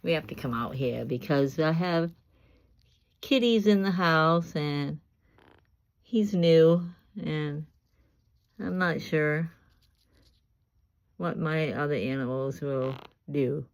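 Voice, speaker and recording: An older woman talking casually about her parrot in her workshop, coaxing it in a high sing-song voice. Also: slow pace, pauses often. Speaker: pet owner. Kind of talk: casual pet vlog.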